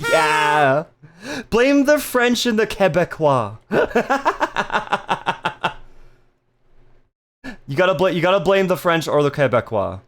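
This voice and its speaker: A playful streamer chatting with viewers during a live stream, voice swooping up and down with lively energy. Giggly and given to crude jokes, sitting at a middle pitch. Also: unhurried, long pauses.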